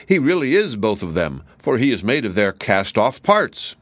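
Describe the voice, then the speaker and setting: A man's voice: lowish voice, very animated, moderate pace, a bit bright, no room sound. A man voicing a curious, eager young wanderer.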